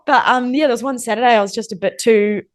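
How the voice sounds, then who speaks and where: A woman's voice: a little high, fast. A young woman sits in for a casual interview. She tells her stories in a loose, chatty way full of fillers and acts out what people said to her. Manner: chatty storyteller, lots of "like", acts out quoted exchanges. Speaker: interview guest.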